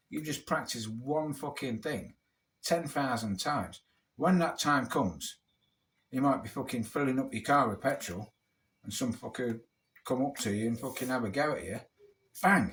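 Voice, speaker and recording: A British man talking in a casual, rambling monologue over a beer, blunt and swearing heavily. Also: mid-range voice. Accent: British English. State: drinking beer. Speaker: vlogger.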